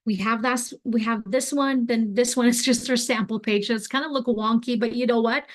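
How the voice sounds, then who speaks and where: A young adult woman teaching an online craft class, talking in a relaxed, chatty way with lots of fillers as she demonstrates. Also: on the high side, normal speed. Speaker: craft instructor.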